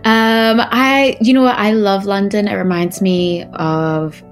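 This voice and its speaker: A woman's voice: mid-range voice, fairly even intonation, slow pace, soft background music. A young Australian woman from Melbourne, chatting as an interview guest with lots of fillers and restarts. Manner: chatty, many fillers and restarts, laughs easily. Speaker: guest, model. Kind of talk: casual interview chat.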